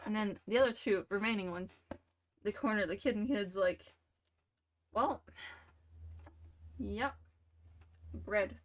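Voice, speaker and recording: A woman's voice: medium pitch, brisk. A young woman streamer telling a rambling, playful made-up story full of "like" and "you know".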